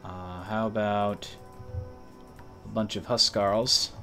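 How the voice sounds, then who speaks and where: A man's voice: on the low side, flat delivery, slow, sharp tone, soft background music. A man giving casual live commentary on a game he plays, playful and teasing toward enemies, talking from a room at home. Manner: playful, taunts enemies, chuckles. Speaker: streamer. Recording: noisy, keyboard typing audible.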